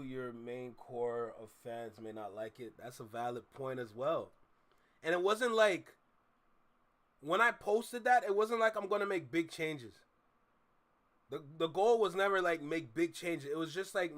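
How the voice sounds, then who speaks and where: A man's voice: a little high, fairly bright tone. A man hosting a live stream while driving, casually greeting viewers in slang. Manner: laid-back, greets chatters, slangy. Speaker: livestream host. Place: in a car, driving.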